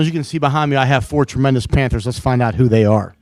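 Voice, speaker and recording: A man's voice: mid-range voice, fast talker, a little mellow, no echo. A man interviewing students on camera in an upbeat, encouraging way. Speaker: prom interviewer.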